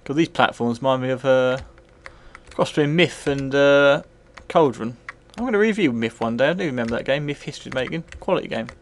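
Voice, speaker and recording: Tipsy, sweary man with gravelly voice. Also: medium pitch, brisk. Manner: sweary, rambling, bursts into excited yells. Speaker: retro game reviewer. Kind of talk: live gameplay commentary.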